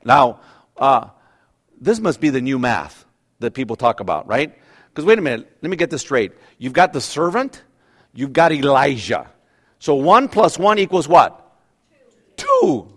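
A pastor preaching a conversational sermon, animated and full of everyday examples, often checking in with "right?". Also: male voice, medium pitch, moderate pace.

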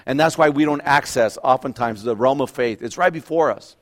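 Speaking briskly in a medium-pitched voice, a male pastor delivers an animated, conversational sermon. He draws on everyday examples and often checks in with "right?".

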